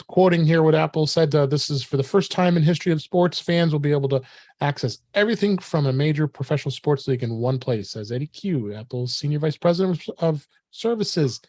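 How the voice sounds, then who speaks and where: A man's voice: on the high side, a little mellow, no room sound. A man hosting a tech news podcast, talking in a casual, chatty way with many fillers. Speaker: podcast host.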